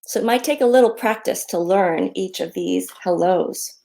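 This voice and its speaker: A woman reading her picture book aloud to children, in a gentle, friendly storytime manner with many pauses and ums. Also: fairly low pitch, gravelly.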